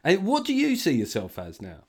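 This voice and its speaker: A man's voice: a little high, wildly swooping pitch, normal speed, a little mellow, breathy edge. A man hosting a podcast in loose, casual political chat, swearing freely and laughing often. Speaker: podcast host.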